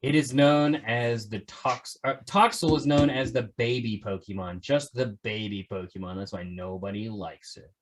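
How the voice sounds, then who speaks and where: A man's voice: mid-range voice, steady tone, normal speed, hardly any pauses. A man hosting a podcast in a casual, joking way, teasing his co-hosts and reading out facts. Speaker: podcast host. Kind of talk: casual chat.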